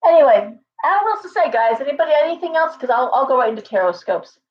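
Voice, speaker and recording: A woman's voice: high voice, lively intonation, fast, dull audio. A woman hosting a casual livestream from home, chatting in a rambling way with viewers and her pet bird. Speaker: livestream host and tarot reader.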